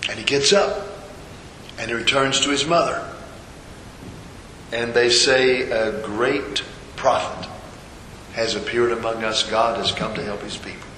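A man's voice: mid-range voice, steady tone, unhurried, long pauses, sharp tone, a little hiss or hum. Man preaching a sermon in an echoey hall. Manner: storytelling, voices the figures' quoted lines, rhetorical questions.

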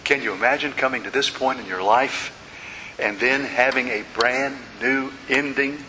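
A man's voice: medium pitch, steady tone, moderate pace, bright, forceful tone. A man preaching a sermon, telling stories dramatically with repeated refrains. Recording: reverberant hall with faint hiss.

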